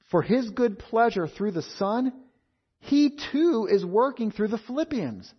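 A man preaching an expository sermon in a measured, emphatic way, repeating key phrases. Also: high-pitched, husky. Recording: dull lo-fi sound.

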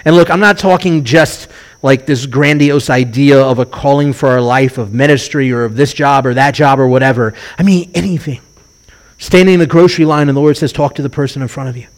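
A man's voice: mid-range voice, fairly quick. A middle-aged man, a rabbi, preaching a sermon and telling stories, acting out the voices he quotes. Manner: animated storytelling, acts out quoted voices.

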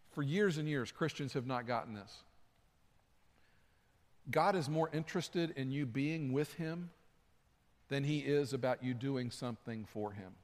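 A male pastor delivering a sermon in a relaxed, conversational way and repeating his key points for emphasis. His voice sits somewhat high, and it carries a long reverb from the hall.

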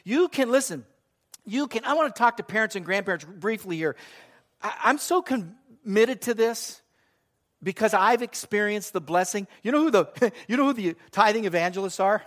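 A man's voice: sits high, lively intonation, normal speed, a bit bright. A man in his sixties preaching a sermon, asking the congregation rhetorical questions and acting out voices of doubters. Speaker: pastor.

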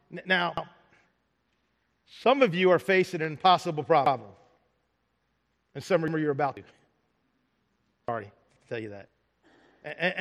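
High-voiced joking preacher in a hall. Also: male voice, a bit bright. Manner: joking, asks the congregation questions. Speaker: pastor. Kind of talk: sermon. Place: large hall with a congregation. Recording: long reverb of a large hall.

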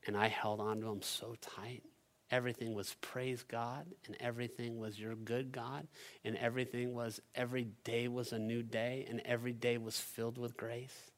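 A middle-aged man preaching a sermon as a pastor, telling a personal story in an animated, conversational way. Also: fairly low pitch.

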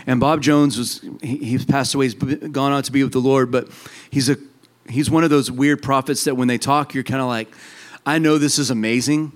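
A man's voice: medium pitch, fairly even intonation, brisk. A man preaching a sermon as a pastor, earnest and fervent.

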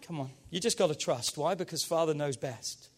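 A man preaching a sermon as pastor, energetic and emphatic, urging his congregation on. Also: a little high, normal speed.

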